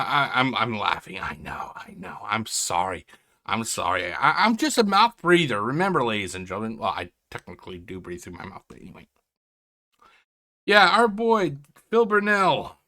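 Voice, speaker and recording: A mid-range, sharp-toned male voice comes from a react channel host streaming indoors at home. His casual commentary is rambling and sarcastic, and he keeps interrupting himself.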